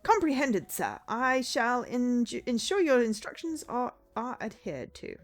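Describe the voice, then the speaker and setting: A woman doing a commanding detective of old who speaks in a put-on Scottish accent. He talks slowly and gravely in formal, old-fashioned words. His pitch swings widely as he gives orders, with faint music behind. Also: sing-song. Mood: earnest.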